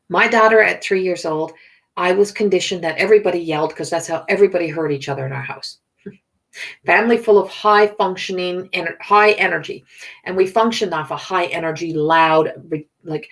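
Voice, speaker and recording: A woman's voice: mid-range voice, normal speed. A middle-aged woman talking casually as a spiritual healer and life coach, rambling and conversational, with many fillers. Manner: rambling, conversational, with frequent "you know" and "so". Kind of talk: casual livestream talk.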